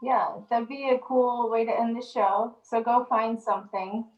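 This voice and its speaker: A woman's voice: on the high side, fairly even intonation, unhurried, muffled recording, crowd noise. Roomy-sounding woman steering the show. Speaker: co-host. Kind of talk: casual chat. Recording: roomy, slightly noisy mic.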